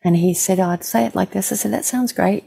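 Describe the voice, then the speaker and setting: A woman who works as a mediator, gently and reflectively telling a personal story in an interview. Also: mid-range voice, fast, gravelly, breathy edge.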